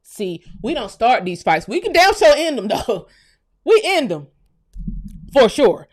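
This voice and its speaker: A woman vlogger with a somewhat high voice rants straight to her audience. She is heated and profane, dropping to a low mutter and then rising to a shout. She is from the United States. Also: very animated, measured pace. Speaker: channel host. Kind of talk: ranting commentary vlog.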